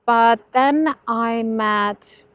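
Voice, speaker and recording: Russian-accented woman coach, lively and candid. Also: a little high, extremely slow, clean tone, dry recording. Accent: Russian with Australian influence. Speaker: life coach. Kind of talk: casual talk to camera. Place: home in London.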